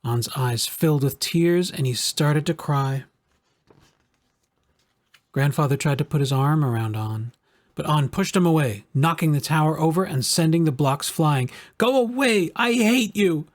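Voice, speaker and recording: A man reading a children's storybook aloud in a calm, measured way. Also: a little high, no room sound. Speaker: narrator.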